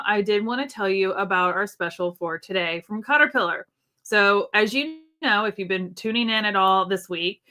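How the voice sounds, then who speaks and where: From her sewing desk in Nashville, under an air-conditioning vent, a woman hosts a live online sewing event, demonstrating products, reading chat comments aloud and chatting in a friendly way with frequent ums. Her mid-range voice is bright and forceful.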